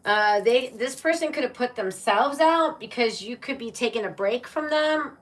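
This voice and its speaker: A woman's voice: on the high side, expressive, moderate pace, distant mic. A woman giving a casual live-streamed tarot reading, chatty and playful, often laughing and calling her viewers "my love" and "baby". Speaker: tarot reader.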